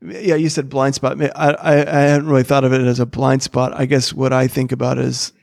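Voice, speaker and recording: Middle-aged man, gravelly voice, rambling chat, dry close mic. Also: medium pitch, little pitch movement, a little fast, darkish tone, no room sound. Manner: rambling, many restarts. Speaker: character comedian, podcast guest. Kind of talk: casual conversation.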